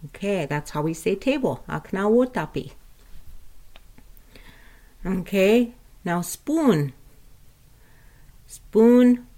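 A woman with a lowish voice leads a spoken language lesson. She talks very slowly and patiently and repeats each word so listeners can echo it. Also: a little mellow. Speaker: language teacher.

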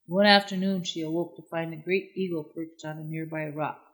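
A narrator reading a legend-like tale in a measured, solemn storybook manner. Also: mid-range voice, steady tone, fairly bright tone, rough recording.

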